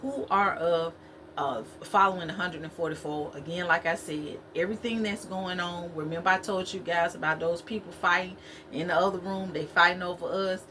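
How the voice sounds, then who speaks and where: A spiritual vlogger speaks to her viewers in a lowish, bright, forceful voice with fairly even intonation at normal speed. Her talk is conversational yet preachy and repetitive, with slight background noise.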